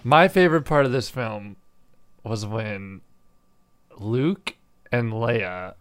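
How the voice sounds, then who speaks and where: A man's voice: fairly low pitch, slow, clear, resonant tone. A man co-hosting a movie podcast in casual chat, playful and sarcastic with frequent giggles. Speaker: podcast co-host.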